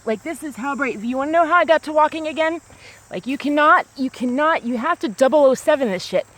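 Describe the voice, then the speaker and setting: High-pitched, expressive, and a bit bright, a US woman vlogger speaks a little fast to a small camera on a grassy hill outdoors. Her monologue is casual and rambling, full of "like" and restarts.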